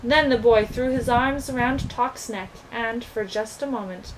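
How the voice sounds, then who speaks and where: A woman reading a children's storybook aloud as narrator, gentle and expressive. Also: on the high side, a little slow, background noise.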